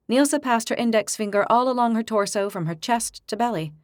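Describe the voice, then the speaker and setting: A woman narrating a fantasy audiobook with even, clear storytelling, recorded on a close studio mic. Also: fairly high pitch, a little fast, dry recording.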